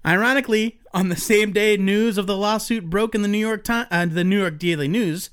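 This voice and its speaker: High-pitched guy reading out comics news on a podcast, wry. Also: a little fast, fairly bright tone, clear, resonant tone. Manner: wry, reads news items aloud. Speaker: podcast co-host. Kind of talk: casual comics podcast chat.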